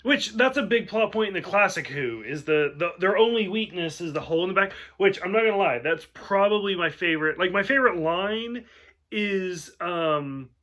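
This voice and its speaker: A young man in a casual review chat, cursing freely and breaking into quoted lines. His voice sits high and swings around a lot. The tone is bright and forceful. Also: expressive, moderate pace. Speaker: podcast co-host.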